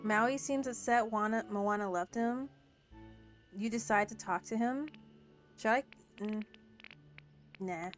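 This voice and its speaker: Sassy high-voiced woman streamer. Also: slow pace, long pauses, faint music behind. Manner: sassy, profane and playfully scolding; muttering to herself between outbursts. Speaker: livestreamer. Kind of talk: casual gameplay chat with viewers.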